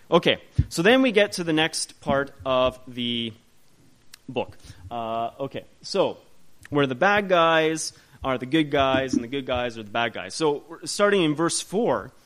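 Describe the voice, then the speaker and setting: A man teaching a Bible passage to a group in a casual, animated way, asking rhetorical questions and often restarting his sentences. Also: medium pitch.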